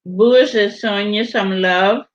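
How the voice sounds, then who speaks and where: Woman host, Virgin Islands accent, unhurried chatty teasing delivery, lo-fi audio. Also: mid-range voice. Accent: Virgin Islands Caribbean. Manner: chatty, teasing, laughs often. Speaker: vlogger hosting a live stream. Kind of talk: casual chat reading viewer comments. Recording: dull lo-fi audio.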